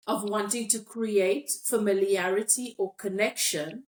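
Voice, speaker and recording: A woman's voice: mid-range voice, takes it slowly. A South African woman hosting a podcast, talking things through thoughtfully and reading listener comments aloud. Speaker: podcast host. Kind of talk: casual discussion.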